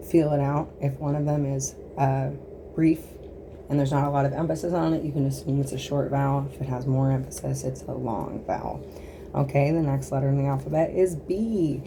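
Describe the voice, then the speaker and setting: A woman's voice: low voice, steady tone, moderate pace, noisy background. An American woman at home, sounding out the letters of the alphabet in a casual phonics lesson with a small child nearby. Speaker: home teacher of American pronunciation.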